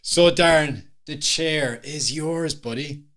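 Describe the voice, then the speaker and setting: A man's voice: on the high side, slow pace, a bit bright. A man with an Irish accent co-hosting a podcast, chatting casually and teasing himself and his friend. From Ireland. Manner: joking, self-mocking, chatty. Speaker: podcast co-host. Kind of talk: casual chat.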